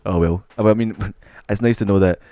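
A man's voice: fairly low pitch, moderate pace, mellow, dry recording, studio quality. A young man co-hosting a podcast, rambling in casual chat, swearing constantly and laughing a lot. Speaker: podcast co-host.

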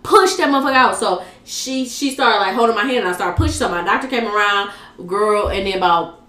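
A woman's voice: medium pitch, lively intonation, fairly quick, pushed and bright. A young woman animatedly telling a story in casual chat, swearing a lot. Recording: echoey room, faint noise.

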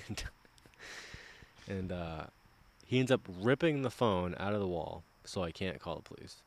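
Low-voiced guy on a podcast, loose and profane, rambles through a wild story. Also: expressive, measured pace. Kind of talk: casual podcast chat.

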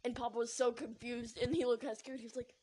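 A woman's voice: fairly high pitch, level tone, fast talker, dark tone, slightly rough. A young woman hosting a podcast, telling a story in a rambling, giggly way with lots of fillers. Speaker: podcast host. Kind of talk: casual storytelling.

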